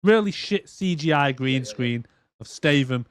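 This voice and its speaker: A man co-hosting a casual movie review podcast, animated and swearing a lot as he acts out movie lines. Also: fairly high pitch, unhurried, smooth. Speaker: podcast co-host.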